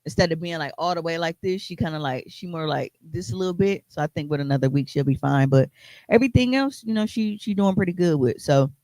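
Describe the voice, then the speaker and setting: A man's voice: fairly high pitch, fast talker, a little mellow, dry recording. A man co-hosting a podcast, telling a story in a loose, casual way, with lots of fillers and swearing. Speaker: podcast co-host.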